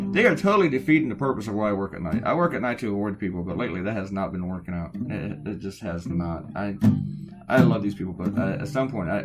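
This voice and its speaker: A middle-aged American man chatting casually while he draws a cartoon, rambling with sarcastic asides. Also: lowish voice. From United States. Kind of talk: casual chat while drawing.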